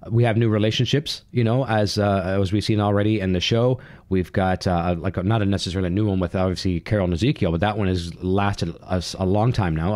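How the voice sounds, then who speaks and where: The channel host's low, darkish voice carries a casual, enthusiastic TV recap that rambles along with fillers and restarts. It's a dry recording.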